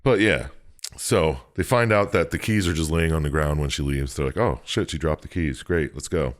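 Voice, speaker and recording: Very low male voice, podcast co-host, giggly recap with quick silly character voices. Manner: laughs often, retells with quick silly voices. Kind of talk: casual chat.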